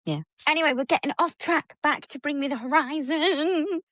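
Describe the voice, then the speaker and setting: A woman in her thirties with a Stoke-on-Trent accent, co-hosting a casual podcast and telling stories in a chatty, animated way. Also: high-pitched, moderate pace, no echo. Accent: Stoke-on-Trent English. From England. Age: 30s. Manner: chatty, animated storytelling with gasps. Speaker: podcast host. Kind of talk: casual chat.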